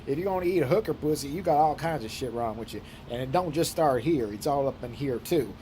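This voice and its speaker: A man's voice: mid-range voice, animated, a little fast, dark tone, a little hiss or hum, lightly acted. A man putting on his crude, foul-mouthed redneck trucker brother in a comic impression, blustering and scolding with nonstop profanity. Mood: ranting.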